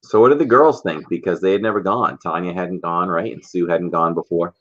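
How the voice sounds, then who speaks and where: A man with a deep, low voice hosts a casual livestream. He reads viewer comments aloud and greets people by name. The stream audio sounds dull and lo-fi. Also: brisk. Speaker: livestream host.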